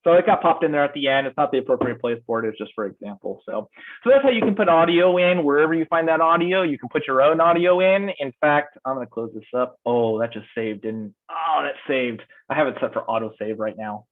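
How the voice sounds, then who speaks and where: A male instructor giving an online lecture, thinking aloud as he demonstrates software. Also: on the high side, brisk. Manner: thinks aloud while clicking through slides. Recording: tinny phone-like call audio.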